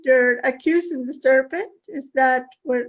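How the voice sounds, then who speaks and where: A woman's voice: sits high, measured pace. A woman taking part in a study discussion, recalling stories conversationally over a lo-fi video call. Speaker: study participant. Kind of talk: class discussion.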